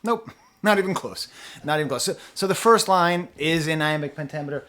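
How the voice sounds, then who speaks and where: A man's voice: on the high side, sharp tone. Rambling male music reviewer, unscripted. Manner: rambling, self-interrupting, quick asides and laughs.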